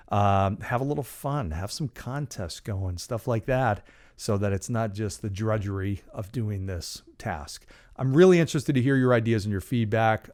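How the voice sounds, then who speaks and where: Man, podcast host, fairly low voice, casual motivational monologue, chatty with fillers. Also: darkish tone. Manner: conversational, many fillers and asides.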